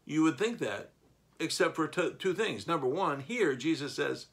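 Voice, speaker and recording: A man teaching a Bible lesson, reading verses and explaining them, rising to loud bursts for emphasis. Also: on the high side, normal speed.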